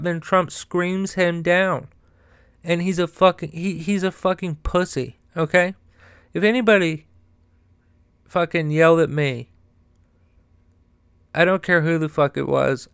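A man's voice: on the high side, fairly bright tone, smooth, no echo, studio quality. A man hosting a podcast, delivering an angry, profane political rant, with a stutter that makes him repeat sounds and words. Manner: profane and heated, repeats words while getting started. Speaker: podcast host.

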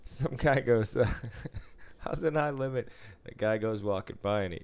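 A man co-hosting a podcast, relaxed and joking in casual chat, quick to laugh. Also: medium pitch, clear, resonant tone. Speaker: podcast co-host.

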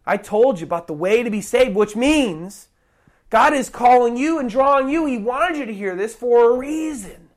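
A preacher in the middle of an evangelistic sermon, urging listeners with an insistent, pleading delivery. The voice sits at a middling pitch and keeps doubling back on its words, repeating and restarting phrases as it pushes toward a call to respond. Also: lively intonation, normal speed. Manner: pleading, repetitive and urgent.

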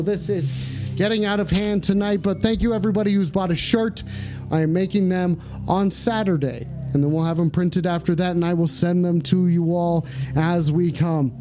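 A man hosting a comedic call-in stream, cursing constantly, excitable and bursting into shouts, slowing down for comic effect. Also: high voice, faint music behind. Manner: deliberate slowdowns for comic effect. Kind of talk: profane comedic live stream.

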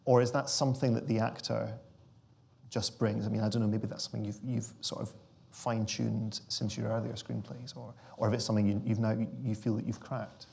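Guy interviewer, kinda gravelly, asks long winding questions. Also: on the low side, level tone, a little fast, darkish tone, a little hiss or hum. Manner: long, multi-part questions.

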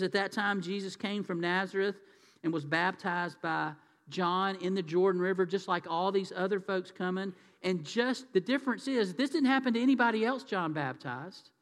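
A male pastor with a high voice delivers a sermon, talking through scripture in an easy, conversational way. He keeps putting questions to his listeners. A long reverb from the hall trails after his words. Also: fairly bright tone. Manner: conversational preaching with rhetorical questions to the congregation.

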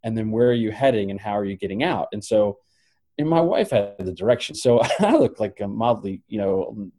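A middle-aged man co-hosting a podcast, telling a travel story in an animated way and laughing often. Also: fairly low pitch, fairly quick. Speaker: podcast co-host. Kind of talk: casual chat.

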